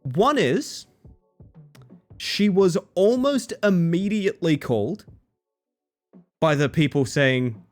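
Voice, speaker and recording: A man's voice: on the high side, sing-song, slow, long pauses, faint music behind. A young adult man casually commentating on a game stream, telling stories in a joking way. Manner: joking storyteller.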